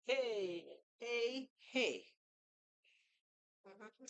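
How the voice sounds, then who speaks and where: A woman's voice: fairly high pitch, very slow, pauses often. A woman live streamer chatting casually with her viewers, playful and sing-song, talking to herself as she goes. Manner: playful, sing-song, greets chat warmly; relaxed, talks to herself while doing things.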